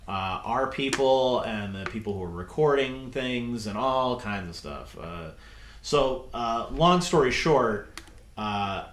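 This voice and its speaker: Middle-aged male podcast host, chatty and filler-heavy, very animated pitch, roomy basement sound with faint hiss. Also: slow. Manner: rambling, filler-heavy, laughs easily. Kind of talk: casual chat. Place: basement studio.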